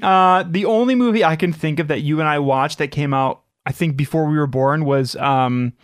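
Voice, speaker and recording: A woman's voice: deep voice, normal speed, no room sound, clean studio sound. A woman hosting a podcast in casual chat, talking in a chatty, self-mocking way and rambling through her guesses. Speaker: podcast host.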